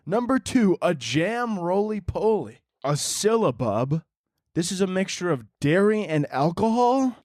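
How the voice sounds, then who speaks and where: A young man hosting a comedy podcast solo, rambling through crude, self-deprecating jokes with a slightly raised pitch. His voice is recorded close and dry, with no room sound around it. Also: darkish tone, no echo. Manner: rambling, crude, self-mocking banter with frequent laughs. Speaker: podcast host.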